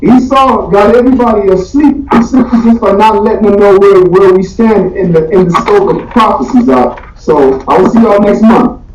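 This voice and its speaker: A man with a very high, bright-ringing voice leads a Bible class, slangy and animated, firing rhetorical questions at the room. He is heard from a distance in an echoey meeting room. The recording sounds dull and muffled. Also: normal speed, background noise. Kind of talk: casual teaching Q&A.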